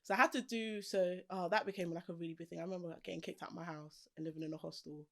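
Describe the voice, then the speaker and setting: A woman's voice: on the low side, fairly even intonation, racing, gravelly, fairly bright tone. Young woman on a podcast, chatty and laughing a lot, does little voices when she quotes people. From Britain. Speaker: podcast guest, fashion designer. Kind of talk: casual interview storytelling.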